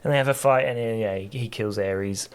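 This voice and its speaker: A man's voice: mid-range voice, brisk, a little hiss or hum. Guy chatting on a podcast, rambly, lots of uh and yeah. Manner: rambling, many fillers and restarts. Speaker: podcast co-host. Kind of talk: casual chat retelling a game story.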